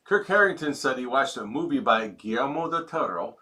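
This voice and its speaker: A man's voice: medium pitch, brisk. A man co-hosting a horror movie show with a Midwestern American accent, joking and rambling as he reads viewer comments. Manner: jokey, rambling, lively. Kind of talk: casual chat reading comments.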